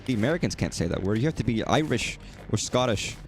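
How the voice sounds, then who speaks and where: A man's voice: medium pitch, animated, fast talker. A man chatting casually while streaming a game, rambling and swearing at enemies. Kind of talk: casual gaming commentary.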